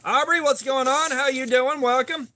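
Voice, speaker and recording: A man's voice: very high-pitched, fairly even intonation, moderate pace, sharp tone. A man in his forties with a Southern US accent, casually chatting on a livestream, upbeat and swearing freely as he greets viewers by name. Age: 40s. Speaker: livestream host. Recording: faint background noise and clicks.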